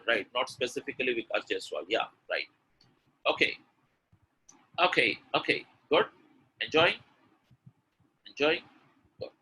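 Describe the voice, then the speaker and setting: Man, forceful bright tone, online pronunciation class, emphatic stress drills, keeps quizzing listeners. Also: mid-range voice, a little hiss or hum, poor audio. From India. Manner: emphatic, drills stress with repeated example sentences; keeps prompting the audience with "Hello?" and questions. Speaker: English pronunciation trainer. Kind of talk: live online webinar lesson.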